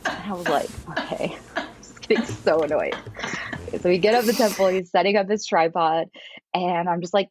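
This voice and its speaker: A woman's voice: lowish voice, moderate pace, noisy background. A woman guest casually telling a story, acting out quotes and laughing often. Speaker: podcast guest.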